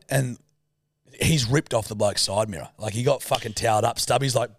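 A man's voice: medium pitch, normal speed, no room sound, clean studio sound. A man in his thirties with an Australian accent, telling a rowdy story in casual chat, swearing freely and acting out the voices of the people in it. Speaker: podcast co-host.

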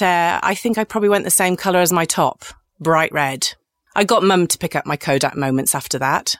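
A woman's voice: on the low side, no room sound, studio quality. A woman in her forties, a podcast host, tells comic personal stories in a candid, cheeky, self-mocking way.

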